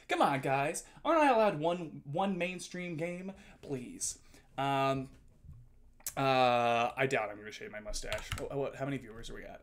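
A man's voice: mid-range voice, fairly bright tone. A man streaming live, chatting casually and playfully with his viewers, reading their messages aloud and joking back.

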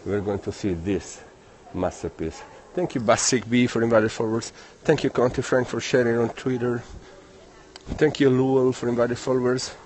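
A man's voice: mid-range voice, normal speed, a little mellow, slight background noise. A man, hosting a casual outdoor livestream, reading out and thanking viewers' comments as he walks, a bit out of breath. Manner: reads viewer comments aloud and thanks them. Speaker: livestream host. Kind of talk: casual livestream chat while walking. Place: outdoors on city streets.

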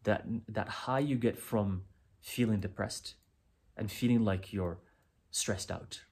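Low husky man giving a tarot reading. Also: slow pace, a little mellow. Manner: earnest, repetitive, addresses the listener directly. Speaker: tarot reader. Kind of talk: pick-a-pile tarot reading.

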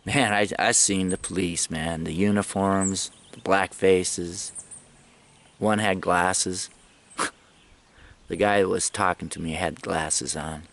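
A middle-aged man talks through a casual travel vlog in a low voice. He rambles from one story to the next and chuckles as he goes. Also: vocal fry, fairly bright tone. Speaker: travel vlogger.

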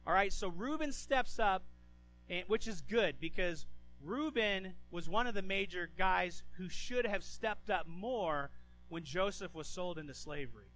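A man preaching a sermon as pastor, animated and given to stammering restarts, who acts out the voices of people in the story. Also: sits high, unhurried, soft background music, low-quality recording.

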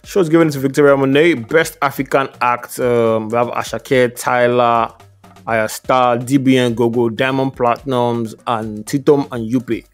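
A man's voice: mid-range voice, steady tone, unhurried. A man co-hosting a music podcast in casual chat, reading out lists of nominees and laughing often. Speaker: podcast co-host.

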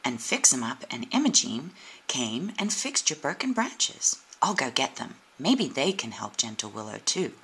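A woman voicing a young, worried female squirrel in a children's storybook, high and insistent. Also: very animated, unhurried, fairly bright tone, husky, exaggerated voice. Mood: eager. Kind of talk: storybook reading.

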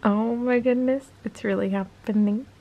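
A young woman chatting in a cosy gaming vlog, excitable, often dropping to a whisper and gasping. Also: fairly high pitch, moderate pace, highs cut off, slight background noise. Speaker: vlogger.

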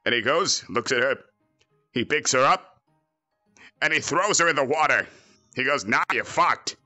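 A man's voice: mid-range voice, expressive, moderate pace, sharp tone, no room sound, soft background music. A man voicing a cocky, crude male android villain in a fan parody, boastful and joking.

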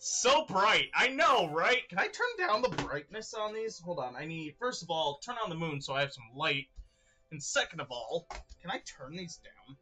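A young man streaming a game, chatting excitedly with his viewers and laughing often. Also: a little high, moderate pace, soft background music. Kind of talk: live-streamed gameplay chat.

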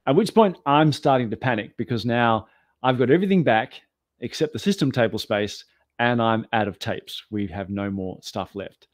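A man who is the guest on a talk show, telling an animated, self-deprecating story. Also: medium pitch, normal speed, dry recording. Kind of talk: anecdotal storytelling.

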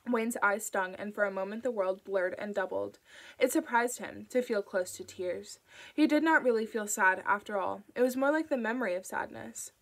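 A woman narrating an audiobook in a calm, even storytelling manner. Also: medium pitch, normal speed, low-quality recording. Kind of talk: audiobook reading.

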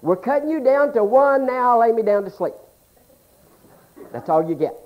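A man preaching a humorous sermon in a folksy, joking way, swinging between loud exclamations and hushed asides. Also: extremely high pitch, animated, normal speed, highs cut off. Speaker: pastor.

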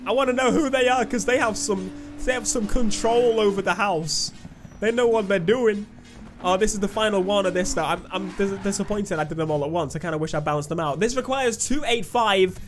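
A man's voice: high-pitched, brisk, slight background noise. A young man giving chatty, self-mocking commentary while playing a video game. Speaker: gaming YouTuber. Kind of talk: let's-play commentary. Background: game music.

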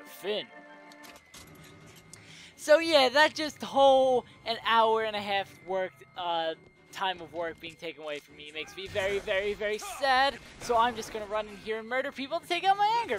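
A man giving casual gameplay commentary who is irritated, grumbles, and keeps talking himself into calming down. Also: extremely high pitch, low-quality recording. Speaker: video game let's player.

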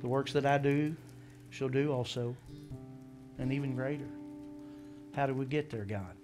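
A man preaching a sermon as pastor, animated, acting out scripture voices and asking the congregation questions. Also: mid-range voice, moderate pace, over music.

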